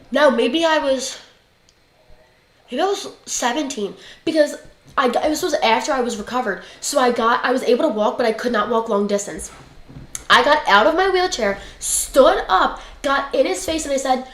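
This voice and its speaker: A young woman telling a story in a casual, blunt, chatty way, swearing freely as she talks. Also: high-pitched. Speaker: livestream guest. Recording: roomy echoey room.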